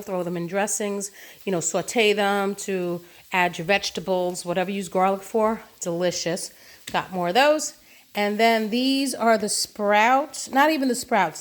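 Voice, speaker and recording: Woman vlogger, relaxed and upbeat, chatting into her phone at home while she shows and tastes her produce. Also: medium pitch. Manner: chatty, enthusiastic, eats while talking. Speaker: vlogger showing a farm share haul. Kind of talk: casual chatty vlog. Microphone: phone camera.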